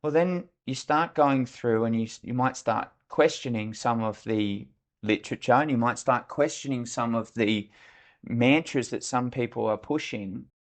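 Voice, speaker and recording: A man's voice: mid-range voice, a little slow. A middle-aged Australian man, a leadership consultant, telling candid, reflective stories as a podcast guest. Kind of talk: podcast interview storytelling.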